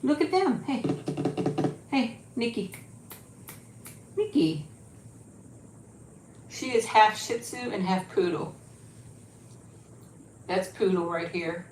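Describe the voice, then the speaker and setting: A woman's voice: medium pitch, animated, slow, long pauses, darkish tone, reverberant, slight background noise, poor audio. A woman hosting a casual livestream from home, rambling chattily and coaxing her dog in a sing-song voice. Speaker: YouTube channel host.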